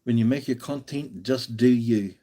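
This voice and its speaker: A man's voice: mid-range voice, normal speed, mellow. Chatty Australian man hosting a live stream. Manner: encouraging, rambling, with restarts. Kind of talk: casual live stream chat.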